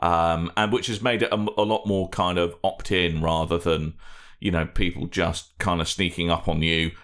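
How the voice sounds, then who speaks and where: A man's voice: sits low, steady tone, normal speed, fairly bright tone. A British man co-hosting a casual gaming podcast, joking and rambling with lots of ums. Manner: jokey, rambling with many ums. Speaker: podcast co-host.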